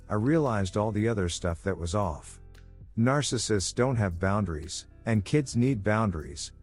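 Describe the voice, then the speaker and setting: Low-voiced man reading a story. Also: a little mellow. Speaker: story narrator. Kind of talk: reading an online story aloud.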